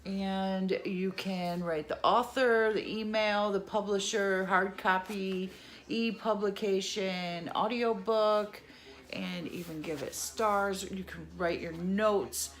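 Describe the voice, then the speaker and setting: A middle-aged woman unboxing a subscription box speaks slowly at a medium pitch with a steady tone. This vlogger is chatty, exclaiming over each item and laughing at her own mispronunciation.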